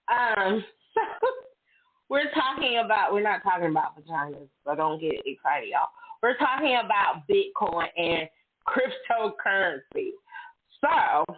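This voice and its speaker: With tinny phone-like sound, a middle-aged woman hosting a casual chat speaks at medium pitch with a breathy edge. Her manner is candid and chatty as she animatedly acts out stories, quoting herself.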